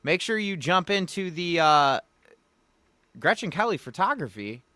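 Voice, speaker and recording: A man from Louisiana hosts a casual livestream, rambling in a folksy way as he talks to viewers in the chat. His voice sits high with big pitch swings, and he's unhurried, bright, and forceful. There's no room sound.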